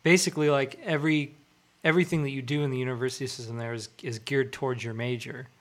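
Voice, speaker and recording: Man, a dad, relaxed conversational storyteller, mid-range voice. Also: mid-range voice, fast. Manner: easygoing, filler-heavy storytelling. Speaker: parent. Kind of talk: casual podcast chat.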